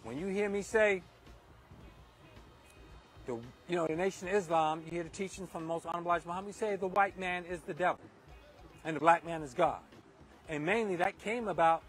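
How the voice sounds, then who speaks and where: A man with a high-pitched voice preaches off the cuff in a windy park, hammering each point with repetition. Faint music sits far behind him. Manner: emphatic and repetitive, driving points home. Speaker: speaker giving a moral talk.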